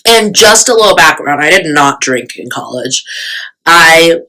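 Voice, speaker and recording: A woman's voice: low-pitched, expressive, a little slow, pushed and bright, slight background noise, poor audio. A young woman vlogger telling a storytime in casual, chatty talk, full of fillers and self-mocking asides.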